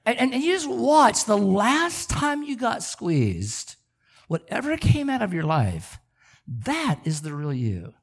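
A man's voice: high-pitched, takes it slowly, gravelly, husky. A middle-aged man preaching a sermon as pastor, repeating words as he talks and asking the congregation rhetorical questions. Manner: animated, stammering repetitions, rhetorical questions.

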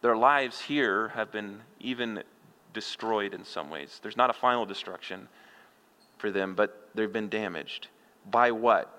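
Bright-voiced middle-aged pastor preaching. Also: male voice, mid-range voice. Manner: conversational preaching, rhetorical questions, folksy humor. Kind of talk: expository sermon. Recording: long hall reverb.

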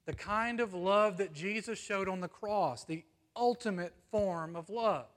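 An American man preaches from the pulpit in an earnest, emphatic way, his slightly high voice swelling on key phrases and then sinking to a near hush. The long reverb of a church sanctuary trails behind every word. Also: a little slow. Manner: earnest, swings between emphatic and hushed, frequent "you see?". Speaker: pastor. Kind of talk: sermon.

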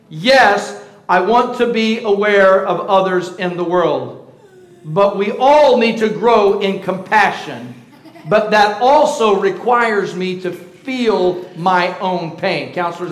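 A man's voice: sits high, fairly bright tone. A middle-aged man preaching a sermon as pastor, talking conversationally and calling out to his congregation. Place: church sanctuary. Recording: roomy echoey hall.

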